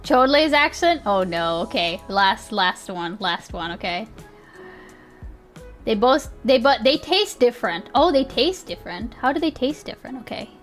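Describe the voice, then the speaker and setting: A young woman streamer rambles through a casual chat with her viewers, laughing often and swearing easily. Her voice sits a bit high, and faint music plays underneath. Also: sing-song, moderate pace.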